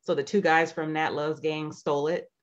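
A woman's voice: sits low, little pitch movement, moderate pace, dull audio. A woman co-hosting a casual movie review podcast, asking questions and laughing easily. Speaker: podcast co-host.

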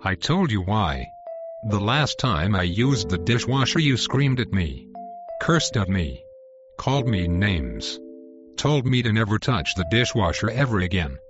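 Guy doing a calm hurt husband, lower voice, muffled with music under. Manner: calm, measured, pleading. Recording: muffled sound with music behind.

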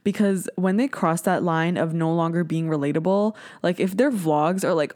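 Woman, twenties, Canadian accent, podcast host, casual chatter, swears a lot, lowish voice. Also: moderate pace, few pauses, a little mellow. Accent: Canadian English. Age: 20s. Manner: chatty, swears freely, slips into mocking voices. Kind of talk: casual solo podcast chat.

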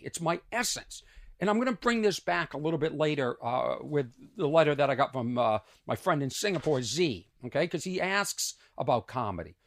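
A man's voice: on the high side, a bit bright. A middle-aged male comedian hosting a casual solo podcast, telling rambling stories full of self-mocking brags.

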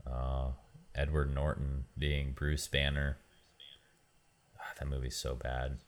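A man's voice: rumbling low, level tone, slow. A man co-hosting a podcast, chatting easily about movies, laughing often and hedging with fillers. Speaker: podcast co-host. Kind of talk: casual movie watch-along chat.

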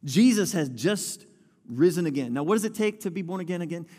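A man's voice: high voice, lively intonation, fairly quick, warm tone. A man preaching a sermon, reading scripture aloud and putting questions to his listeners. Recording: long hall reverb with faint music.

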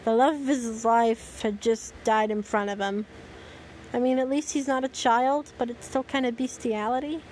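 A woman's voice: a little high, steady tone, normal speed, a little mellow, a little hiss or hum, poor audio. A woman reading a story aloud as host, breaking off for dry, sarcastic commentary.

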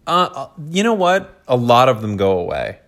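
An American man hosting a casual podcast chat, playful and quick to laugh. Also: mid-range voice, big pitch swings, fairly bright tone. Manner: playful, laughs often, jokey voices. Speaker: podcast host.

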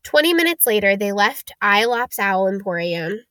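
A woman reading a storybook aloud as narrator, in a steady, unhurried storytelling way. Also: medium pitch, dry recording.

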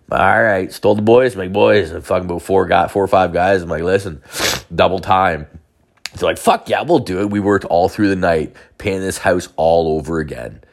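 A young man telling crude stories in a rambling, casual way, full of filler words and swearing. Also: low voice. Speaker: storyteller. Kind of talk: casual storytelling.

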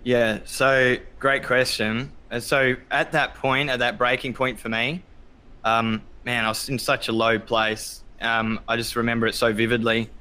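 A man speaks as a podcast guest in a bright, forward voice. He talks candidly and reflectively, pausing on ums and bursting into loud acted-out quotes. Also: mid-range voice, little pitch movement, smooth. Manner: open, reflective, many ums, acts out quotes loudly. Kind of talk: candid conversational storytelling.

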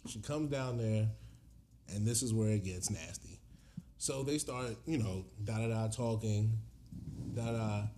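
A man tells a story in a casual chat, with speech. He slips into acted voices for the people in it and keeps an animated, storytelling manner. Faint noise runs under his voice. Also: on the low side, unhurried. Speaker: podcast co-host telling a story.

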